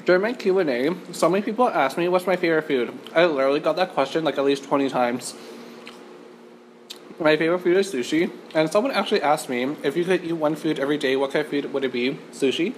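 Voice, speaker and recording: A woman's voice: deep voice, fast talker, slight background noise. A woman from Canada hosting a chatty mukbang eating show in an empty restaurant, talking to the camera with lots of "like" fillers. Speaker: mukbang host.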